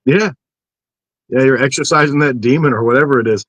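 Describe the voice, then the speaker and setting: A man's voice: medium pitch, a little fast, muffled recording. A man in casual podcast chat, swearing freely and acting out voices as he tells stories. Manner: profane, animated storytelling with mocking inner voices.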